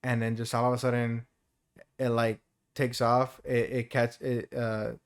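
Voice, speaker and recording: A man's voice: mid-range voice, flat delivery, unhurried, clean tone. A man co-hosting a podcast in casual chat, laid-back, swearing freely and laughing often. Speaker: podcast co-host.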